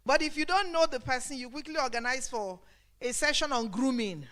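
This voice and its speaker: Lady, pretty high voice, talking office manners at a career event, candid and a bit funny. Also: fairly quick, a bit bright. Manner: conversational, frank and humorous. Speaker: career seminar speaker. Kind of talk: workplace etiquette talk.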